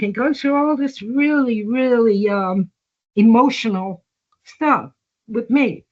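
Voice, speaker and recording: An older woman with a voice on the high side tells long, slow stories in a long-form conversational interview. She acts out quoted dialogue as she goes, and the sound is lo-fi.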